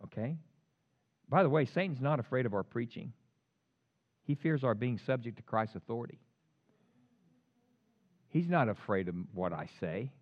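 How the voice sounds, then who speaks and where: A man preaching a sermon, swinging between loud emphatic lines and quiet asides. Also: medium pitch, animated, moderate pace, pauses often, highs cut off. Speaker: pastor.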